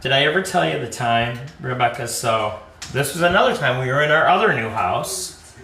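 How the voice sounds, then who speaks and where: Casual podcast co-host, male, jokey storyteller, bright tone, recorded from a distance in an echoey kitchen. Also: mid-range voice, moderate pace. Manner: chatty, jokey storyteller with animated quoted voices. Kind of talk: casual chat while cooking. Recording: echoey room, distant mic, faint ambience.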